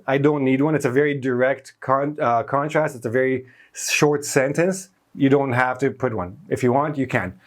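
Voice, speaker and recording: Man, grammar teacher, whiteboard lesson, middle pitch, explains step by step, stresses key words, self-corrects.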